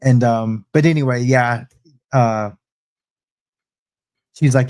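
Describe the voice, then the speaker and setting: A man telling his life story in a relaxed interview, often restarting sentences and filling pauses. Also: mid-range voice. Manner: halting, restarts often, frequent fillers. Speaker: guest sharing testimony. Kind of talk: casual conversational storytelling.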